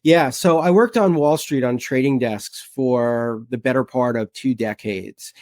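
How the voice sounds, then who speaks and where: A man's voice: mid-range voice, a little slow, darkish tone, no echo, clean studio sound. A man speaking as an interview guest about his insurance business, earnest and sometimes stumbling over his words. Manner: earnest, with false starts. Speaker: guest, health insurance provider. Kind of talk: casual interview.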